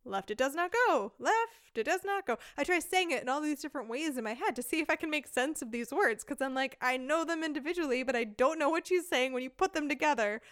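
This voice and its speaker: An American woman in her thirties, appearing as a podcast guest, tells a casual anecdote as a lively storyteller who laughs often. Her voice is high-pitched with a clean tone, recorded with clean studio sound and no room sound.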